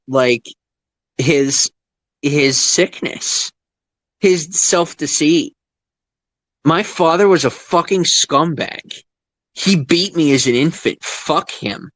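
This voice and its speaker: A young man ranting to viewers, angry and profane, swinging from low muttering to loud, high outbursts, rambling with restarts. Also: lively intonation, takes it slowly, long pauses, no room sound. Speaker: vlogger. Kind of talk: emotional unscripted rant to viewers.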